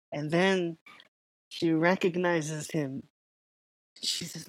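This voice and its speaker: A woman's voice: fairly low pitch, steady tone, slow pace, pauses often, no room sound, poor audio. A woman giving a casual, conversational sermon that retells a story with filler words and restarts. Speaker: preacher.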